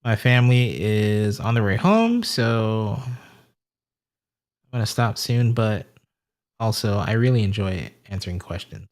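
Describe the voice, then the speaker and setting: A man's voice: fairly low pitch, unhurried, pauses often. A man hosting a casual livestream Q&A, talking loosely and poking fun at himself. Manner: relaxed, self-deprecating, loose phrasing. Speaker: livestream host answering viewer questions.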